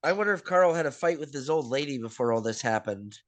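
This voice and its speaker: A man's voice: medium pitch, expressive, quick pace, a loud crowd. A man co-hosting a casual podcast who muses in a laid-back, rambling way. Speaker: podcast co-host. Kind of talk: casual chat with friends.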